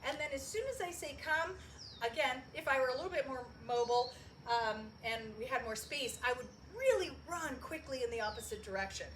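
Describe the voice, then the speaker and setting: High, lively woman dog trainer. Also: fairly quick, a little hiss or hum. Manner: bursts into high excited praise for puppies. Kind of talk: demonstrating training. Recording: echoey room, voice from a distance.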